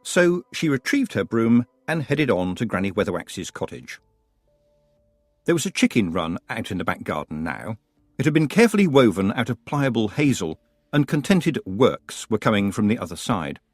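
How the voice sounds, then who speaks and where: A man narrating a fantasy audiobook with expressive, wry storytelling. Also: fairly low pitch, normal speed, no room sound. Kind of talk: scripted narration.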